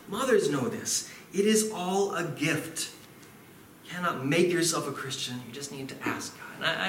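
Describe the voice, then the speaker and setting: Animated pastor preaching in an echoey church. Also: male voice, fairly high pitch, slight background noise. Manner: conversational, animated preaching with asides and acted-out quotes. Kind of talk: sermon. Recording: echoey room, voice from a distance.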